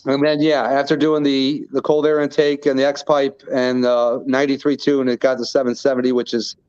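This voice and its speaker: Man, stream guest, relaxed, technical detail, dry close sound, muffled lo-fi audio. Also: mid-range voice, a little fast, smooth, dry recording. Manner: relaxed, detailed about car specs. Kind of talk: casual chat.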